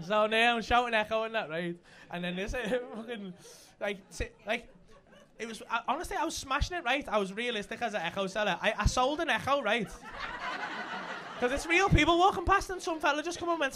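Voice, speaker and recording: A young adult man with a Liverpool accent, telling a comedy story in casual chat, animated and sweary, laughing often. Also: very high-pitched, fast, crowd noise. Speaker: stand-up comedian.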